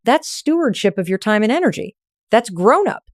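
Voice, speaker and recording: A woman's voice: fairly high pitch, sing-song, normal speed, no room sound, clean studio sound. A woman delivering a scripted motivational monologue on relationships, direct and emphatic in punchy short sentences. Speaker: relationship advice speaker.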